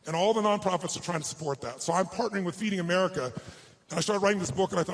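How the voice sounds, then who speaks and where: A man delivers a motivational speech to an audience. His voice sits a little higher than most men's. He tells a personal story with heartfelt, unhurried emphasis, then shifts into a persuasive, rallying push. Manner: heartfelt, slows down for emotional moments. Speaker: motivational speaker.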